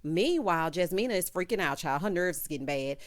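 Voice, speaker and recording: A woman's voice: fairly low pitch, lively intonation, a little fast. A woman hosting a casual, sassy recap of a reality show, calling her viewers child and honey.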